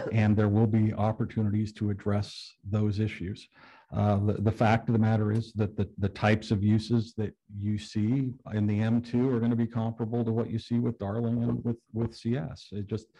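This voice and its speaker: Low gravelly man giving formal testimony. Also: little pitch movement, dark tone, low-quality recording. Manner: measured, businesslike, with some restarts. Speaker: applicant's representative. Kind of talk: formal testimony at a council meeting.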